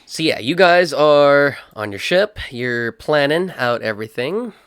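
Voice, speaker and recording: A man's voice: on the high side, lively intonation, unhurried, a bit bright, clean tone, no echo, clean studio sound. A man acting as game master for an online tabletop role-playing session, loose and chatty, laughing often.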